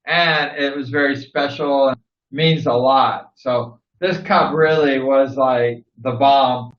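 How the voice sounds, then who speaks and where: A man from Southern California who hosts, telling animated stories casually to camera, laughing often and acting out old conversations. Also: medium pitch, slow pace, echoey room, dull audio. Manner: animated, laughs often, acts out past dialogue. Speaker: host, former motorcycle racer.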